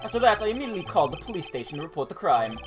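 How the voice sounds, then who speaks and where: A woman's voice: fairly low pitch, very animated, very fast, over music. A woman voicing a smug, self-important male witness who talks down to everyone. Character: smug pompous male witness, middle-aged.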